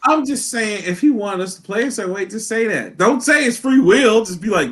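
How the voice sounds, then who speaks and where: A man co-hosting a podcast in casual chat, animated and profane, often laughing and shouting. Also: sits high, a little fast. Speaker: podcast co-host.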